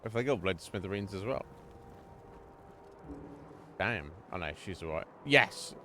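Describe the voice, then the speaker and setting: A man's voice: deep voice, animated, a little slow, sharp tone, a little hiss or hum. A man streaming a game, chatting loosely, swearing and laughing at what happens. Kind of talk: live gaming commentary.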